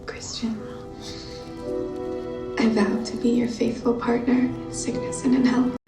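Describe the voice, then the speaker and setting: A woman playing a bride who speaks her wedding vows softly and tenderly. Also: a little high, little pitch movement, measured pace, in a whisper, natural voice. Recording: film clip with loud music, distant and echoey.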